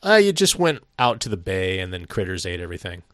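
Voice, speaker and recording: Middle-aged man with a low voice telling profane stories. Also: very animated, fast, fairly bright tone, no echo. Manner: rambling storyteller, swears freely, laughs often. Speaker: podcast co-host. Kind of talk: casual chat.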